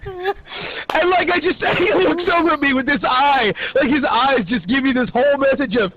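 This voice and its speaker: A man's voice: very high-pitched, normal speed, a loud crowd. A man telling a rowdy, profane story in casual chat, laughing often as he goes. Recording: tinny phone-like audio.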